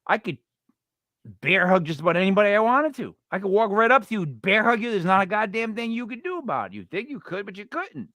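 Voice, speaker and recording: A man's voice: high voice, big pitch swings, fast talker, bright, forceful tone, dry recording. A man in his forties co-hosting a casual true-crime podcast, blunt and joking, rambling off topic. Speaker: podcast co-host.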